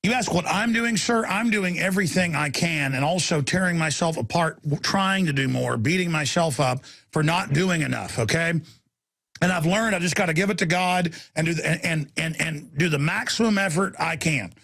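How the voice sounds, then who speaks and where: A male radio host with a high-pitched, gravelly voice full of fry. He rants hard, shouting insults in bursts, then snaps into a fast, pushy sales pitch. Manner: ranting, yelling insults in bursts; rapid sales pitch delivery. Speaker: radio talk show host. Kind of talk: fiery talk radio monologue and call-in.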